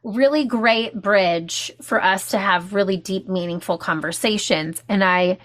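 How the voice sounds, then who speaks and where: A woman guest telling a personal story in casual chat, animated and full of restarts. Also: mid-range voice, measured pace. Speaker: podcast guest.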